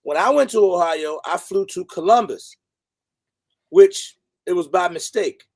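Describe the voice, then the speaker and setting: A man's voice: high voice, big pitch swings, measured pace, dry recording. A man hosting a casual livestream, laid-back, greeting viewers by name. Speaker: livestream host. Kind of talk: casual live chat.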